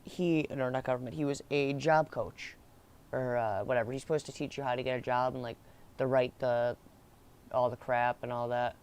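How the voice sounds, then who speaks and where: A man's voice: mid-range voice, fairly even intonation, moderate pace, clean tone. A young man telling a school story in a rambling, casual way, laughing and swearing as he goes.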